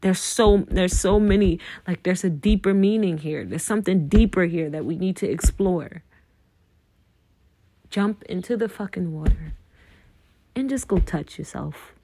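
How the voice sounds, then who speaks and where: Gravelly earnest woman podcaster. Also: fairly low pitch, a little slow, dark tone, no echo. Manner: earnest, profane, addresses listeners as y'all. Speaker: podcast host. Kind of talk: casual spiritual monologue.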